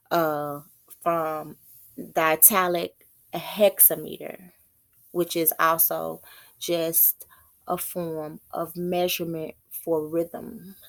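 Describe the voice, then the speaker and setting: A woman giving an informal religious teaching, halting and repeating words as she thinks aloud. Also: low voice, vocal fry. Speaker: prophetess.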